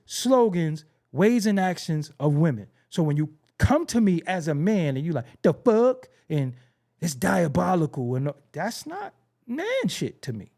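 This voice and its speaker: A middle-aged man delivers a blunt, profane commentary rant with a streetwise edge. His voice sits a little high for a man and swings widely up and down as he mocks the phrases of the people he talks about. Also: darkish tone. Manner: mimics other people's phrases mockingly. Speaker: show host.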